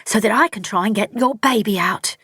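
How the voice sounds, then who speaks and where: A woman voicing a sharp, plain-spoken young woman who barks orders in a storybook reading. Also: mid-range voice, lively intonation, moderate pace, breathy edge, no echo, clean studio sound, voice pushed up. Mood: snappish. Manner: sharp, commanding.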